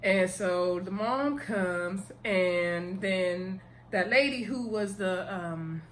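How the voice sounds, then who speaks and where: A woman's voice: mid-range voice, drawn-out words, slight background noise. Chatty woman recapping a TV episode. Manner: chatty, animated retelling with slang and playful asides. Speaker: TV episode reviewer.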